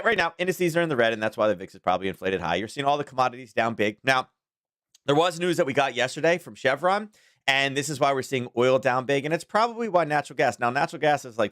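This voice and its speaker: A man's voice: mid-range voice, fairly bright tone, dry recording, studio quality. A man hosting a casual daily market commentary stream, talking in a rambling, chatty way with frequent chuckles.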